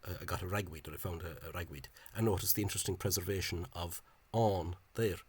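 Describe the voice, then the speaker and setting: A man explaining spelling in a casual, halting monologue. He is opinionated and often repeats words and fills gaps with hesitations. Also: sits low, steady tone, husky. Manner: opinionated, dismissive of official spelling. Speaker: language enthusiast explaining spelling.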